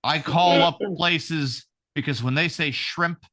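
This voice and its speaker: A young adult man hosting a podcast, telling profane, animated stories in casual banter. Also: fairly high pitch, slow pace, heavy background noise. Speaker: podcast host.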